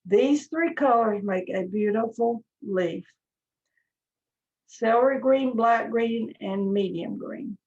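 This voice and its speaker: A woman teaching a live painting class, talking gently step by step as she works. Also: a little high. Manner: slow, gentle step-by-step instruction. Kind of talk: live online painting lesson. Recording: dull lo-fi stream audio.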